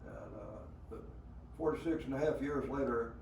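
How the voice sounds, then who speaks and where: An elderly man in his nineties with a Southern American drawl recounts his working life, pausing on "uh"s and chuckling as he goes. He sits back from the microphone in a roomy space with faint noise behind him. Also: mid-range voice, huge pitch swings, vocal fry, darkish tone, recorded from a distance. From rural Alabama. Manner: rambling storyteller, many hesitations and chuckles. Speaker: veteran being interviewed. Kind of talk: storytelling interview.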